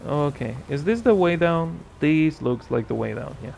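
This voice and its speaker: A man's voice: on the high side, lively intonation, normal speed, creaky, darkish tone, slight background noise. A man giving casual gameplay commentary as a streamer, chatting and muttering asides to himself with dry sarcasm. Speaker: gaming streamer.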